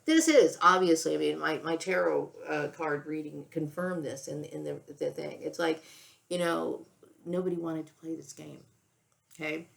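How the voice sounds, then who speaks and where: A woman's voice: low voice, flat delivery, moderate pace, creaky, a bit bright. A woman in her sixties speaking in an emotional, rambling personal monologue, near tears, with many restarts and frequent "okay?" and "you know.". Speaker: vlogger.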